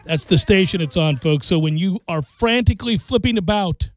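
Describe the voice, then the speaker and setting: A man hosting sports talk radio, his voice a touch higher than most men's. He chats casually and tosses in wry, offhand asides. The studio sound is close and dry, with no room echo. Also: normal speed, few pauses, soft background music. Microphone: studio microphone.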